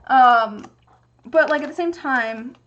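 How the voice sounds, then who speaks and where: She's a young woman from the US Pacific Northwest streaming live from her home workspace, crafting resin dice and casually talking through her thoughts. The voice sits high and moves slowly with a fairly bright tone, and the sound is lo-fi.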